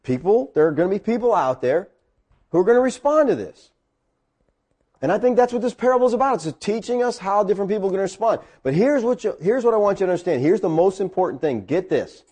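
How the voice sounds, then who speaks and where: A middle-aged man, a pastor, telling a personal story in a sermon and rising high when he gets excited. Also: quick pace.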